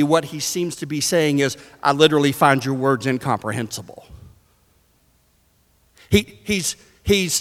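A man preaching a sermon to a live congregation, swinging from shouts to hushed tones. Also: a little high, long reverb tail.

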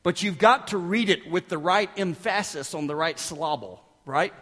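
A man preaching a sermon as pastor, emphatic and dramatic, dropping to hushed asides and rising again. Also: high voice, lively intonation, moderate pace, long reverb tail.

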